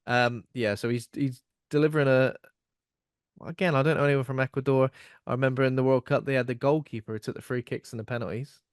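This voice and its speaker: A man's voice: medium pitch, fairly even intonation, fast talker, clear, resonant tone, no echo, clean studio sound. A man co-hosting a podcast in casual chat, rambling and self-mocking, laughing often. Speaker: podcast co-host.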